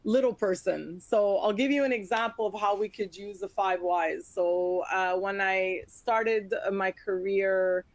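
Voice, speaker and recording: A woman in her forties, an auditor presenting a webinar, teaching through lively stories and acting out the dialogue. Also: medium pitch, no echo. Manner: animated storytelling, acting out quoted dialogue.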